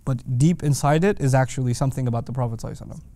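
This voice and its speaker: A man lecturing on the Quran's wording who asks lively rhetorical questions and slips into Arabic recitation. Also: mid-range voice, rapid-fire, dry recording. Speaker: Quran teacher.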